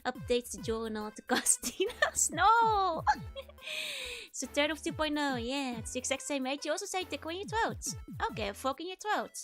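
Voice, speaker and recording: A high-pitched woman with a Dutch accent chats on stream, giggling often and greeting her viewers one by one. Her throat sounds tickly and scratchy, and faint music plays behind her. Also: animated, quick pace, hardly any pauses. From Netherlands. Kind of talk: casual stream chat.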